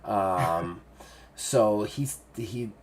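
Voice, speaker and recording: A man's voice: lowish voice, extremely slow, a little hiss or hum. A man running a tabletop game as game master, talking casually and rambling, with lots of fillers.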